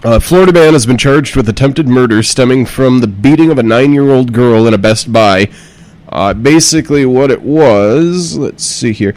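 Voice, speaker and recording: A man in easy podcast conversation, reading a story aloud with plenty of "uh"s before breaking off to riff on it. His voice sits at an ordinary middle pitch, and he swears freely and laughs often. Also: normal speed, darkish tone, poor audio. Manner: profane and joking, laughs often, reads with fillers. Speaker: podcast host.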